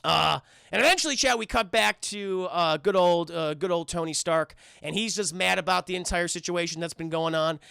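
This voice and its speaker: New york guy recapping a movie for his stream chat, high bright voice, bit of fry, dry close mic. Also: dry recording. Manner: rapid, profane, animated retelling. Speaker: film review streamer. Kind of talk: casual livestream film recap.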